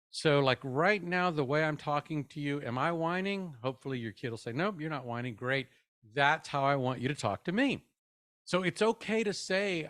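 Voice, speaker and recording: A middle-aged man presents a parenting webinar in a relaxed, conversational way, often dropping in "man" as he talks. His voice sits at an ordinary pitch, and the sound is close and dry with no room echo. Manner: casual and upbeat, says "man" often.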